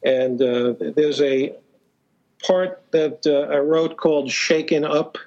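A man's voice: on the high side, steady tone, slow pace, a little mellow, highs cut off. A man guesting on a podcast, telling stories casually with lots of hesitations, restarts and fillers, and chuckling now and then. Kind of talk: casual storytelling interview.

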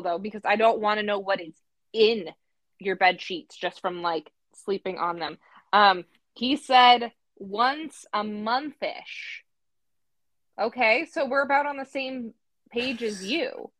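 A woman's voice: medium pitch, fairly bright tone, no room sound. A woman co-hosting a podcast, chatting casually with lots of fillers. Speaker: podcast co-host. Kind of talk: casual chat.

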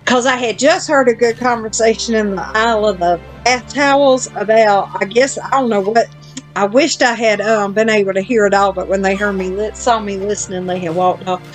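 A woman's voice: mid-range voice, fairly even intonation, normal speed, faint music behind. A woman podcast host telling a long story in casual chat, blunt and self-deprecating, with casual swearing.

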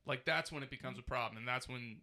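A man's voice: medium pitch, fast talker, pushed and bright. A man in his thirties co-hosting a podcast, ranting animatedly with lots of swearing in casual chat. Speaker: podcast co-host.

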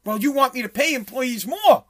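A man's voice: very high-pitched, animated, normal speed, sharp tone. Blunt, swearing man ranting. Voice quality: blunt, sarcastic, swears freely. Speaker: commentator, small business owner. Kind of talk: profane political rant over video clips.

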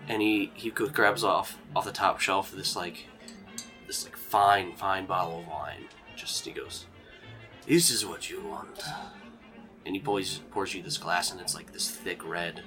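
A man's voice: sits low, level tone, unhurried, bright, forceful tone, faint music behind. A man narrating as game master in a tabletop game, talking casually and rambling with many fillers.

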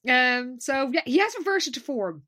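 A woman's voice: high voice, very animated, moderate pace, sharp tone. A woman co-hosting a podcast, recapping an episode in casual chat with dry, wry asides. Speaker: podcast co-host.

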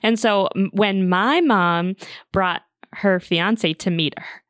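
A woman's voice: medium pitch, slow, no room sound, clean studio sound. A woman in her thirties co-hosting a podcast in casual chat, laughing often and joking crudely. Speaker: podcast co-host.

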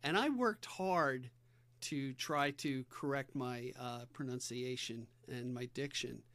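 A man's voice: medium pitch, takes it slowly, fairly bright tone, no echo. A man with a New York accent hosting a podcast interview in a casual, conversational way. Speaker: podcast host, salesman.

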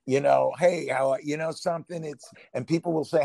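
A man with a Brooklyn accent talks in a casual, rambling podcast chat, often laughing and pushing his voice up when he gets excited. His voice is gravelly and husky. The sound is dry and close. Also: on the high side, fairly quick, dry recording. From New York. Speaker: podcast co-host.

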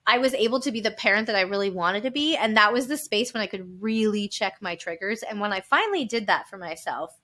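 Bright-voiced woman telling candid stories. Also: mid-range voice, fairly quick. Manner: open and animated, laughs often. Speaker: podcast guest. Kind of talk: candid personal storytelling.

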